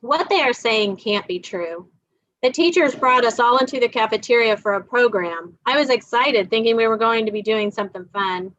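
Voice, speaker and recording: A woman reading aloud in the voice of a frightened nine-year-old girl, quietly and plainly. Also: a little high, no echo, natural voice. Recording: dull dry recording.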